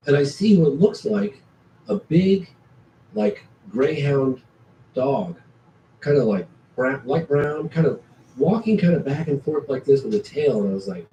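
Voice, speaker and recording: A man tells a hiking story with energy, his voice mellow and low in tone, jumping from whispers to sudden exclamations. He sounds distant from the mic in an echoey room, with faint ambient noise behind him. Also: a little slow. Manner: animated storyteller, acts out his own past thoughts. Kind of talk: casual storytelling chat.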